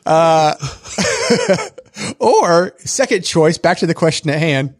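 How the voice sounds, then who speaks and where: A man co-hosting a casual tech podcast, joking around and reading a sponsor spot with animated energy. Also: a little high, slow pace, no room sound, studio quality. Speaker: podcast co-host.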